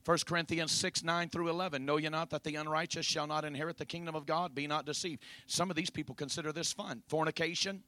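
A man preaching a Pentecostal sermon, punctuating his lines with "uh, amen" and building to shouts. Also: on the high side, steady tone, fast, few pauses, no echo. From raised in a Pentecostal home.

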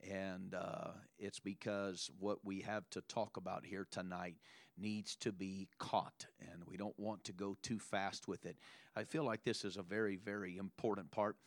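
A man's voice: sits low, flat delivery, measured pace, dry recording. A man preaching a sermon who punctuates his points with "amen" and "praise the Lord," often repeating and restarting words. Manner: frequent restarts and filler "uh".

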